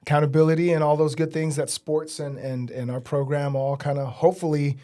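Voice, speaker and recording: A man's voice: fairly high pitch, level tone, brisk, warm tone. Encouraging male teacher hosting a chat. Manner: upbeat, encouraging, many fillers. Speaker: teacher and program director hosting a podcast. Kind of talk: casual interview chat.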